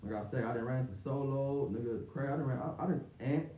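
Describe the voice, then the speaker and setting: A man's voice: mid-range voice, quick pace, mellow. Man, rambling slangy livestream talk, distant echoey room, dull muffled mic. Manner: slangy, rambling, repeats words and restarts often. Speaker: livestream host. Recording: distant roomy, dull lo-fi mic with faint hiss.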